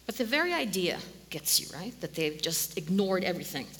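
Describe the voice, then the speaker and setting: A woman preaching a sermon, telling the story in an animated way and sometimes dropping to a near-whisper. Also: lowish voice, brisk, slightly rough. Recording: long hall reverb.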